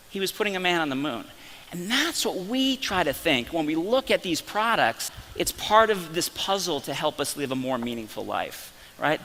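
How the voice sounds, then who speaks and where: Man giving an animated talk in a hall. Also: fairly high pitch. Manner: animated storytelling with frequent restarts. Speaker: company science officer presenting. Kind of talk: live conference talk. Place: conference breakout hall.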